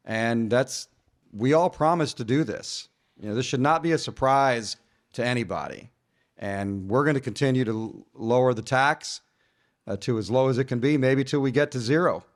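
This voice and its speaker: A male senate floor leader speaking bluntly and matter-of-factly on a panel. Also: mid-range voice. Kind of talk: panel discussion.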